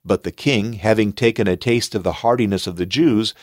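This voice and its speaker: Male reader, lower register, solemn and deliberate, dry studio sound. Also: a little mellow, no room sound. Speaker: scripture reader. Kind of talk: measured scripture reading.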